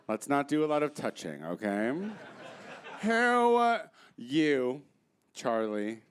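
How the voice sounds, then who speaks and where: A man's voice: medium pitch, big pitch swings, takes it slowly, some chatter behind. A man hosting a live comedy game show on a theater stage, sassy, bossy and teasing.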